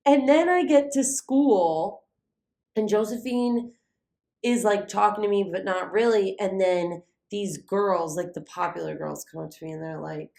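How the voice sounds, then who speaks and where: A woman's voice: mid-range voice, measured pace, creaky, echoey room. A young adult woman co-hosting a podcast, telling a story casually with lots of "like" and swearing. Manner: animated, heavy use of "like", swearing. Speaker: podcast co-host.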